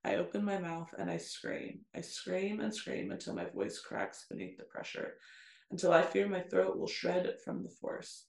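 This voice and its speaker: A woman co-hosting a podcast reads a dark novel aloud, her voice carrying a gravelly edge. She keeps a steady reading pace and stops now and then for asides. The sound is roomy, with echo off the walls. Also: on the low side, moderate pace. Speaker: podcast co-host.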